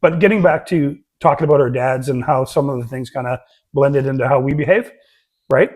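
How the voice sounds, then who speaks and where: A man's voice: medium pitch, a little fast, darkish tone. A middle-aged man co-hosting a podcast, joking and laughing often as he reflects on fatherhood. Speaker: podcast co-host. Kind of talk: casual chat.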